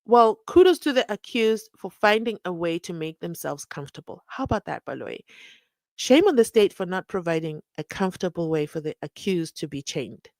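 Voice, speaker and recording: Animated woman live streaming. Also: on the low side, moderate pace, no room sound. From South Africa. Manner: animated, acts out the people she quotes with sarcasm. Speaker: host of a live stream reading viewer comments. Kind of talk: casual live-stream commentary.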